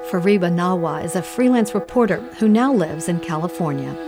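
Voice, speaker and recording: A woman radio host presenting a news feature in a smooth, even scripted delivery. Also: on the low side, fairly quick, over loud music.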